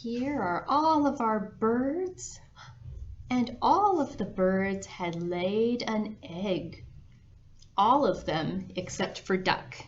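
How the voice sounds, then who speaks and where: A woman librarian reading a picture book aloud to young children at storytime, gentle and animated with gasps and sound effects. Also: medium pitch, slow pace. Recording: slightly dull lo-fi sound with faint noise.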